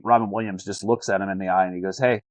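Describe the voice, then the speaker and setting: A man's voice: low voice, fairly even intonation, very fast, no echo, low-quality recording. A man talking as a life coach on a video call, earnest, often repeating words as he searches for the phrasing. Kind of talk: casual coaching talk over a call.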